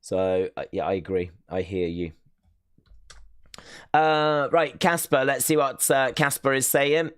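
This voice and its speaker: A man of medium pitch talks in an unhurried, smooth way while hosting a live watch-along stream. Reading out viewer messages, he's chatty and a little rambling, self-mocking, with plenty of fillers. The audio is clean studio sound without echo.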